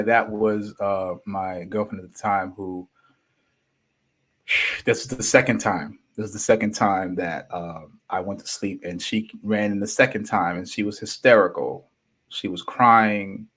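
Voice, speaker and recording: A young adult man hosting a podcast, telling a personal story in a slangy, animated way, with some swearing and laughs, and reading chat comments aloud. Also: lowish voice, husky. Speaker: podcast host.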